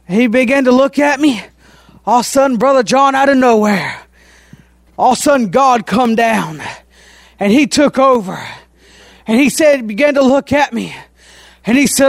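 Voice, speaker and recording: A man preaching a sermon, impassioned and folksy, often breaking into shouts and drawing out "oh" between phrases. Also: extremely high pitch, animated, moderate pace, vocal fry, pauses often, no echo, studio quality.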